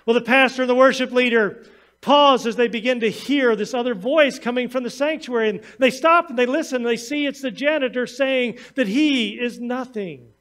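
A man's voice: very high-pitched, moderate pace, a bit bright. A man pastor preaching a sermon, reading scripture and then telling stories to his congregation. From United States. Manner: storytelling sermon, reads scripture then tells anecdotes.

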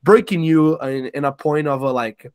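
A man hosting a podcast, asking long, halting questions full of fillers. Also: on the high side, clear, resonant tone, dry recording. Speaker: podcast host. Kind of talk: casual interview questions.

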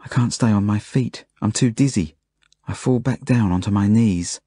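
A man reading an audiobook as a first-person narration, in plain, measured storytelling. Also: on the low side, mellow, slightly rough, no room sound, clean studio sound. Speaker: audiobook reader.

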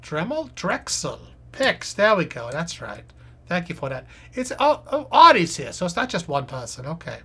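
On a live stream, a woman works through a crossword, reading each clue aloud and muttering guesses in a low, husky, fairly bright voice. She speaks slowly yet very animatedly, her pitch swinging widely as she thinks.

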